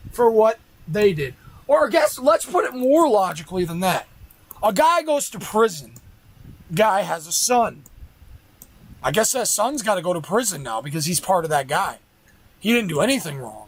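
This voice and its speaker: A man's voice: high voice, rough recording. A man ranting on a casual livestream, arguing with rhetorical questions and repeating his points.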